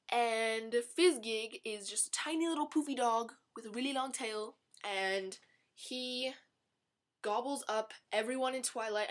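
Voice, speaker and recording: A woman giving a casual, rambling movie review vlog with a sarcastic, chatty manner. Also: a little high.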